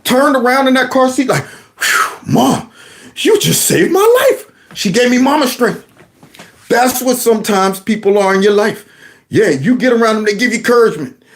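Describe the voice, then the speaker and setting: A man telling a comic story in an animated way, speaking straight to his audience. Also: extremely high pitch, a little fast. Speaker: comedic storyteller. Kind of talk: comedic storytelling.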